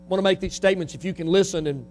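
A male preacher, delivering a fiery sermon that swings between shouting and quiet talk. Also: high-pitched, very fast, a little hiss or hum.

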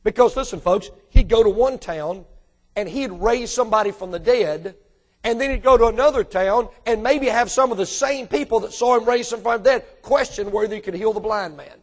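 A man with a high voice, preaching a sermon with emphatic, rising delivery. He speaks straight to his congregation, pressing them with questions. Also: fairly quick. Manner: addresses congregation directly with questions. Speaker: pastor.

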